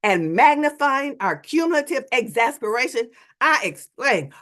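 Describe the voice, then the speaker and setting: A woman giving a storytelling talk as an invited speaker, animated and dramatic in her delivery. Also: fairly high pitch, unhurried.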